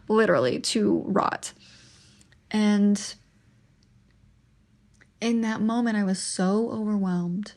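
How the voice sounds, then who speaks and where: A young woman hosting her own podcast, telling an emotional personal testimony in a halting way, with pauses and restarts. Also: medium pitch, steady tone, a little mellow.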